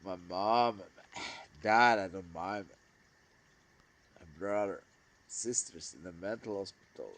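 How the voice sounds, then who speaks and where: A man vlogging an emotional, rambling monologue about missing his brother, swearing and swinging between loud outbursts and hushed murmurs. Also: deep voice, takes it slowly, pauses often.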